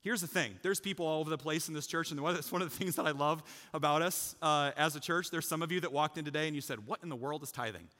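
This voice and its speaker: A man preaching a sermon as pastor, talking casually with the congregation, joking and rising to loud, emphatic peaks. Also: a little high, fairly even intonation, fast talker, hardly any pauses, big-room sound. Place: church sanctuary.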